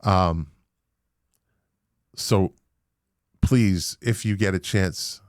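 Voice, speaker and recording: A man with a Boston accent hosting a podcast interview, animated and emphatic, with casual swearing. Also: low voice, drawn-out words, no echo, studio quality. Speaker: podcast host.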